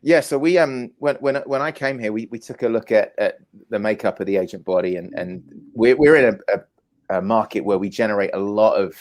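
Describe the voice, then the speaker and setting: A man with a British accent, a team leader, talking through his work in a casual podcast chat, rising in pitch when he makes a point. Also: fairly quick, a little mellow. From England.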